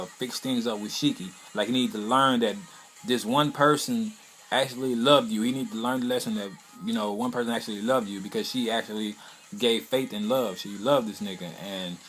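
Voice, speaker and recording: A man casually reviewing an anime episode in a rambling, slangy, profane way, now and then breaking into excited bursts. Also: lowish voice.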